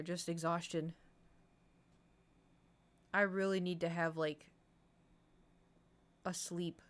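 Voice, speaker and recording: Chatty young woman streamer, lowish voice. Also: measured pace, pauses often. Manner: rambling, animated storytelling with laughs. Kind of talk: casual chat with stream viewers.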